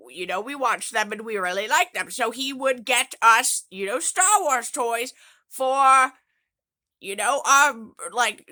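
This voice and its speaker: A woman with a bright, somewhat high voice talks through a personal story at an unhurried pace. She rambles with plenty of fillers and now and then jumps up into indignant outbursts. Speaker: podcast host. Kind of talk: casual storytelling monologue.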